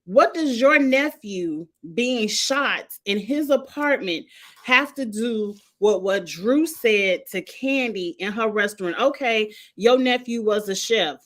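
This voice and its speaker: Sassy woman ranting about a show. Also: medium pitch. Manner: animated, sassy, exasperated commentary. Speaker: reality TV reviewer. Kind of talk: casual recap rant.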